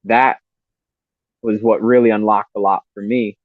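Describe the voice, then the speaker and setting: A man's voice: lowish voice, level tone, measured pace, no room sound. A man, a podcast guest, giving earnest, rambling spiritual advice full of "you know" and "man". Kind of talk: spiritual talk in casual interview. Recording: tinny phone-like line.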